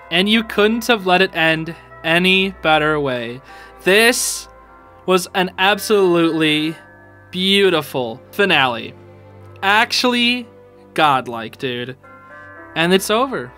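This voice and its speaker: A man giving a casual, excited reaction to a show's episode, full of slang and calling the listener dude and bro, and a bit emotional about it. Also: sits high. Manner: emotional, a little teary. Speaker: YouTube show reviewer.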